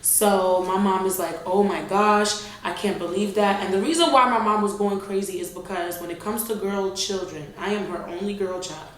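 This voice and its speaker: A young woman, telling an animated, slangy storytime vlog straight to her viewers. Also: mid-range voice, normal speed, hardly any pauses. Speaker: vlogger. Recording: very echoey room.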